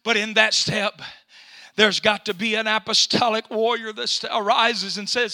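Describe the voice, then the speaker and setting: A male pastor preaching a fiery sermon, shouting often and filling nearly every pause with "uh". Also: high-pitched, level tone, no echo. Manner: fiery preaching with constant "uh" fillers.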